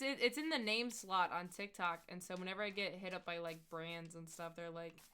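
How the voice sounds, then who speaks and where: A young Midwestern woman chats casually on a gaming live stream, rambling through stories and talking to the animals in the game as she plays. Her medium-pitched voice is pushed and bright, brisk with few pauses, over slight background noise.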